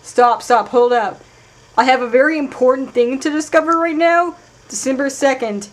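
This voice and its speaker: A fairly high-voiced woman streaming a game live and talking her way through it. She chats as she goes, swears freely, and jumps from sudden loud outbursts to low muttering under her breath. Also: normal speed. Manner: chatty, thinks aloud, swears, swings from loud outbursts to mutters. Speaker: let's play streamer. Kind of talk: casual gameplay commentary.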